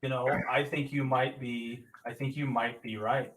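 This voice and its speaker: A man's voice: medium pitch, little pitch movement, moderate pace, a little hiss or hum. A man with a Southern accent hosting a casual sports podcast, talking in a laid-back, rambling way with casual swearing. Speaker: podcast host.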